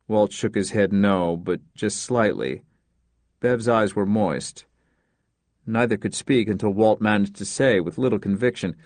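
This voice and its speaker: A man narrates a story in a measured, understated audiobook reading. His voice sits low. The recording is dry and close, with no room sound. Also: a little mellow, dry recording.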